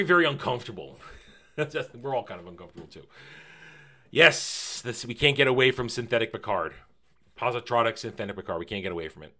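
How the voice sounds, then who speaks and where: Male reviewer, casual and emphatic, with a bright, forward tone. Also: fairly low pitch. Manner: animated and emphatic, fond of repeating phrases; casual, with mild swearing. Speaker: TV series reviewer.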